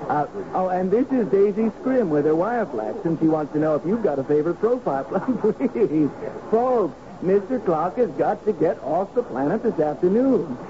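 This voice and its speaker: An actor in a 1970s radio drama playing a fussy, stammering man who introduces reporters and ends up shouting at a murderer. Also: high voice, expressive, normal speed. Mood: flustered. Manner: flustered, stammering, then screaming. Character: fussy male press handler turned enraged accuser. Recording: dull old radio broadcast with hiss.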